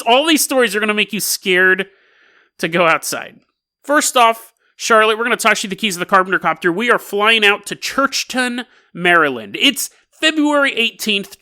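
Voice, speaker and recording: A male podcast host telling stories in a loose, comedic way. His voice is bright and lively, with big swings in pitch, and he laughs through his own jokes. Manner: jokey, animated, laughs while talking. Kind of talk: casual comedic storytelling.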